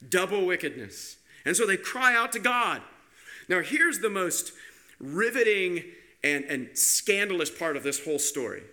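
A male pastor preaching a sermon in an animated way, asking rhetorical questions and often repeating his words. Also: fairly high pitch.

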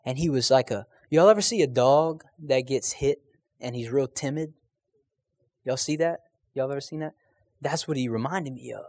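A man's voice: medium pitch, moderate pace, darkish tone. A man telling a personal faith testimony in an earnest, conversational way, speaking straight to his listeners.

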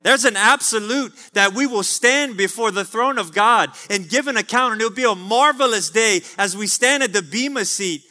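Pastor guy preaching fired up, high voice, church hall echo. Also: moderate pace, hardly any pauses, pushed and bright. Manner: fervent preaching with calls of amen. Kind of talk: sermon. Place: church sanctuary.

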